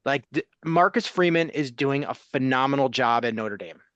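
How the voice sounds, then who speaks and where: A man co-hosting a sports talk podcast, speaking bluntly and casually, listing names in a steady run. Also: medium pitch, moderate pace, no echo, dull audio.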